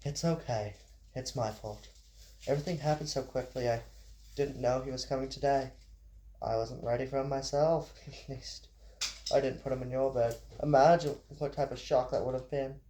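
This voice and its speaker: A man reading the lines of a warm, gently teasing middle-aged mother in a storybook reading, close to his own voice. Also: medium pitch, steady tone, moderate pace, roomy sound, a little hiss or hum, close to an everyday voice.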